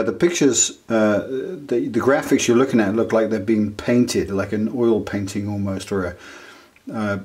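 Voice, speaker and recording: A man's voice: mid-range voice, darkish tone. A man casually demonstrating and reviewing an app, talking with frequent fillers and restarts. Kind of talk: casual demo walkthrough.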